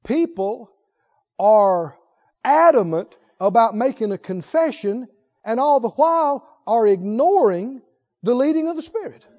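Preacher, male, high voice, storytelling sermon delivery with hushed and emphatic turns, dull lo-fi recording. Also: lively intonation, measured pace, big-room sound. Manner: storytelling, swings between soft low asides and loud emphatic lines.

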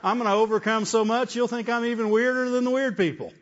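A man's voice: very high voice, steady tone, fast. A man preaching a sermon with repeated phrases, often asking "Amen?". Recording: dull, echoey hall.

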